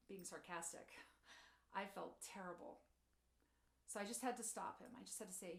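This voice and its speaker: A middle-aged woman giving a motivational talk, telling personal stories and acting out quotes, softening her voice for tender moments. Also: normal speed, pauses often, echoey room. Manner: storytelling, acts out quotes, drops soft and low for tender moments. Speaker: speaker.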